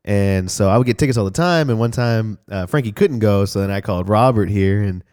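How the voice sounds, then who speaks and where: With a fairly low, clear and resonant voice, this young Houston, Texas native talks briskly on a podcast, spinning a relaxed story packed with swearing. He throws in loud impressions of people's voices as he goes.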